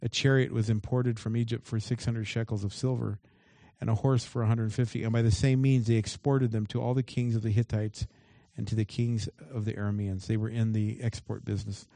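A man's voice: fairly low pitch, flat delivery, fairly quick, warm tone, no room sound. A man preaching a sermon as pastor. He reads scripture aloud and breaks off into emphatic asides.

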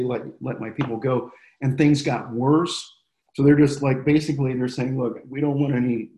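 A man preaching a casual Bible-study sermon, talking conversationally and often pausing with fillers and restarts. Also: medium pitch, warm tone, poor audio.

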